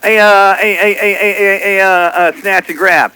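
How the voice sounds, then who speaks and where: High, bright-voiced man on the radio. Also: steady tone, normal speed, clean tone, no echo, poor audio. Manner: teasing, repeats what others said on air. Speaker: CB radio operator. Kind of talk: casual radio chatter.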